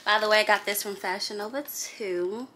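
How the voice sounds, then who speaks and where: A woman chatting casually in a vlog from her makeup table, talking to viewers as y'all and honey in a lively, animated way. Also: mid-range voice, moderate pace, background noise. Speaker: vlogger.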